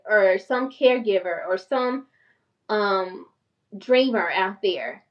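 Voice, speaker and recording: A woman in her forties with a thick country North Carolina accent chats with her viewers at a quick, excitable pace, her tone passionate and raised in pitch. She sits a little back from the microphone. The recording sounds muffled and slightly distant. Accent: Southern US, North Carolina country. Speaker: channel host and therapist. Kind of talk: casual vlog talk to viewers.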